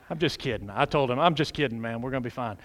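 Delivering a sermon at a brisk clip, a middle-aged pastor with a medium-pitched, expressive voice asks the congregation questions and then answers them. He alternates between loud exclamations and quieter asides.

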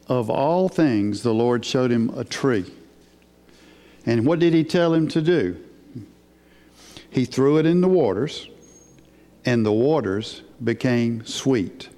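A man preaching a sermon in an unhurried, emphatic way, asking his listeners questions. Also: medium pitch, warm tone. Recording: hall with long reverb.

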